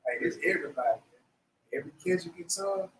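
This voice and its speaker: Man, Bible teacher, casual slang, laughing, somewhat high and lively voice. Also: quick pace, a little hiss or hum, rough recording. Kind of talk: casual preaching breakdown.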